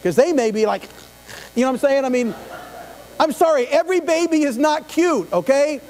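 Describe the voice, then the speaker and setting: A man's voice: extremely high pitch, expressive, moderate pace, a little mellow. A middle-aged male pastor preaching a conversational sermon, often asking the congregation questions and adding asides. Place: church sanctuary. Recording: live church stream with long reverb and mains hum.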